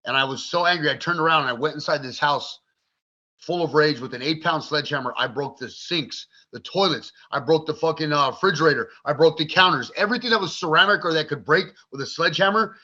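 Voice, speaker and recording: Speaking quickly in a fairly high, sharp-edged voice, this forties-aged man is a podcast guest recounting his story with bluntness, vivid detail and lots of swearing. It's candid interview storytelling, captured on a dull, lo-fi recording.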